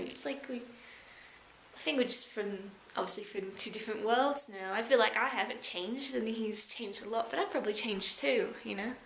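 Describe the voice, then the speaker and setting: Young Australian woman, thoughtful and halting, talking to camera in an echoey room. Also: medium pitch, creaky, fairly bright tone. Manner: rambling, reflective, halting with many fillers. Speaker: vlogger. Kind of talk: rambling personal time-capsule vlog. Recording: echoey room with faint background noise.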